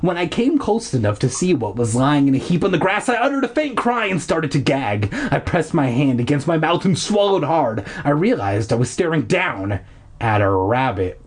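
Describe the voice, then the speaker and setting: A husky man reads a storybook aloud at home, his pitch rising and falling freely. Now and then he drops into deadpan, crude asides. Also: normal speed. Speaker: amateur reader. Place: at home with windows open. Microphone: laptop.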